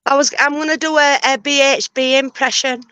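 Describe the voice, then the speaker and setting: Chatty high-voiced woman. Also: fairly even intonation, brisk, pushed and bright, no room sound. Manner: rambling, chatty, hesitant. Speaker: livestream guest. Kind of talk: casual chat.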